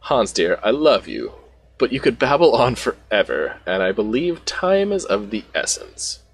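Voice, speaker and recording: A man's voice: medium pitch, big pitch swings, measured pace, husky, voice pushed up, heavily acted. A man reading a wry painted elf. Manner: reads game dialogue aloud without doing a voice. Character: witty, knowing painted elf lecturer.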